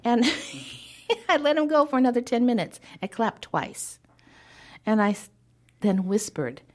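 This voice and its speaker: A woman advising as a podcast guest, telling stories with animated acted-out dialogue and dropping to a hushed whisper now and then. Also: lowish voice. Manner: animated storyteller who acts out quoted dialogue. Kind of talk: podcast interview storytelling.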